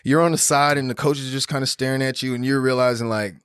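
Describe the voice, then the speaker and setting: A man in his thirties, a podcast guest, telling animated, slangy, profane stories in casual conversation. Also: mid-range voice, fast, clear, resonant tone, dry recording, clean studio sound. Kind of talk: casual storytelling interview.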